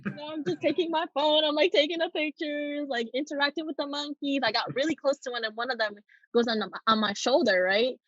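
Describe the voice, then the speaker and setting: A young woman, a podcast guest, telling a travel story in casual chat, animated, often laughing and acting out what people said. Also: high voice, a little fast, no room sound, muffled recording.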